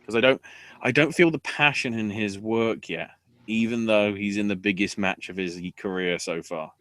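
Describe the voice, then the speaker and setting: A man hosting a wrestling podcast, talking casually with sarcasm and swearing, and acting out quotes in loud bursts. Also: on the low side, normal speed.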